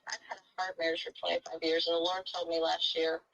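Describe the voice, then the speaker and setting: A woman's voice: lowish voice, level tone, fast, vocal fry, a bit bright, poor audio. A woman chatting casually and telling a story animatedly, acting out the quotes she tells. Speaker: interviewee. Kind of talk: casual recorded conversation.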